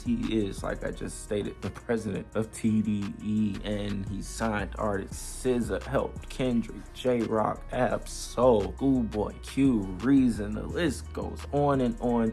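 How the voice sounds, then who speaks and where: Brief: male commentary host, relaxed and swearing, faint music under him. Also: on the low side, vocal fry. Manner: laid-back, profane, chatty. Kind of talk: casual commentary.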